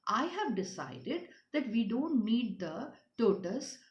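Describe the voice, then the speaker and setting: A woman voicing a pompous giant male crocodile who presides over the forest, addressing the crowd in a measured way. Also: on the high side, big pitch swings. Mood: commanding. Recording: roomy, dull lo-fi sound.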